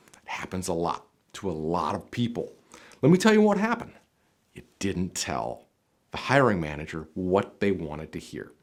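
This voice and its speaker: Guy running a job interview tips video, emphatic coachy talk, mid pitch, goes punchy then quiet. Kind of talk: direct-to-camera instructional talk.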